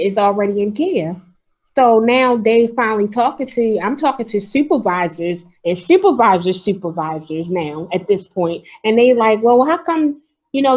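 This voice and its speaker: Upset grandmother on a muffled line. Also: mid-range voice. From Maryland. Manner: frustrated and insistent. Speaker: caller. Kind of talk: call-in talk.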